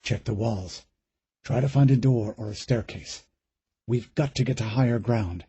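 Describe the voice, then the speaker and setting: A man voicing a desperate middle-aged father protecting his daughter, urgent and hushed. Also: fairly high pitch, moderate pace, husky, no echo, muffled recording, pitched above the performer's own voice.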